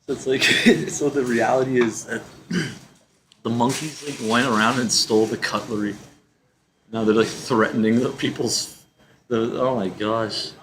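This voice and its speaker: A man's voice: mid-range voice, fairly even intonation, measured pace, fairly bright tone, slight background noise, poor audio. A man reacting to videos in a rambling, incredulous way, swearing often and trailing off into laughs. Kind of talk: rambling casual reaction commentary.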